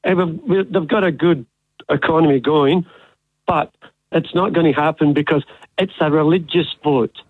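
A man's voice: on the high side, moderate pace, breathy edge, dry recording. A man calling into a radio show and making emphatic, opinionated points. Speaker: caller. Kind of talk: opinionated phone-in. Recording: tinny phone line.

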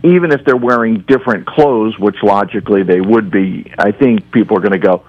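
A man's voice: lowish voice, brisk, hardly any pauses, highs cut off. A man speaking as a casino entertainment representative in a radio interview, with lots of fillers and restarts. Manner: hesitant, many fillers and restarts.

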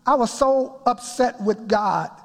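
A man preaching a sermon, telling his story with emphatic build-ups that rise toward shouts. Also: very high voice, lively intonation, a little slow, creaky. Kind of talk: sermon testimony. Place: church sanctuary before a congregation. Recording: long reverb of a large hall.

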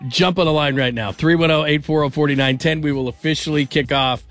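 With a steady, slightly high and somewhat bright voice, a man runs a late-night sports talk radio show at a fairly quick clip. He rambles, restarts sentences and laughs often. A studio microphone picks him up with dry, close studio sound.

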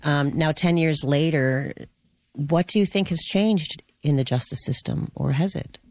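Calm interviewer asking brief questions. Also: mid-range voice, a little slow.

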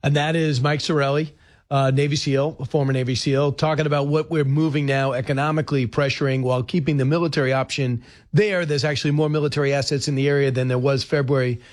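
Fast-talking male radio host. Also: medium pitch, level tone. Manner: brisk, introduces guests. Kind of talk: radio talk show.

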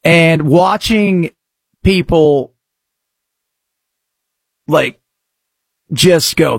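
A man hosting a satirical political commentary show, sarcastic, breaking into mock-shouted outbursts. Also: a little high, very slow, gravelly, pauses often, slightly rough, no echo, clean studio sound. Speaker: show host.

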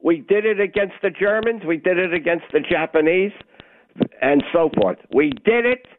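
A man's voice: high-pitched, normal speed, background noise. An older man calling in to a talk radio show, blunt, agitated and argumentative. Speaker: caller. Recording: tinny phone line.

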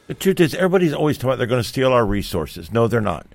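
A man's voice: medium pitch, big pitch swings, very fast, gravelly, dry recording. A man co-hosting a talk radio show, speaking matter-of-factly with dry jokes. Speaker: radio co-host. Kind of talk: casual radio banter.

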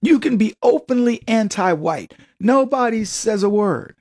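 Husky high-voiced male talk radio host. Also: lively intonation, measured pace, darkish tone. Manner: emphatic, mocking, chuckles at own jokes. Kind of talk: political commentary monologue.

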